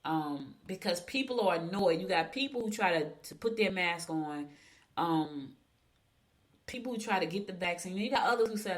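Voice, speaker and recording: A woman's voice: fairly low pitch, animated, normal speed. Chatty woman radio host. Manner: chatty, emphatic, gossipy storytelling. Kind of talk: casual radio talk and horoscopes.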